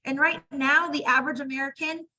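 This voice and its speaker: A woman hosting an interview, talking casually and in an animated way. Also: high voice, fairly quick, lo-fi sound. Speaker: host.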